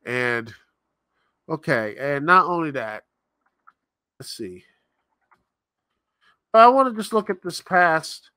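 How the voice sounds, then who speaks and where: A man's voice: on the high side, big pitch swings, takes it slowly, pauses often, sharp tone, smooth, dry recording, studio quality. A man hosting a live-stream show, ranting in an exasperated, rambling, sarcastic way. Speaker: podcast host. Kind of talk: live-stream commentary rant.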